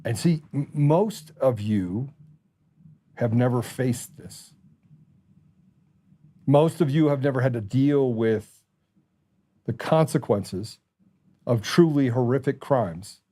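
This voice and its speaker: Angry ranting male host, dark voice. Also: medium pitch, slow, long pauses. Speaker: talk show host. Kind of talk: political commentary monologue.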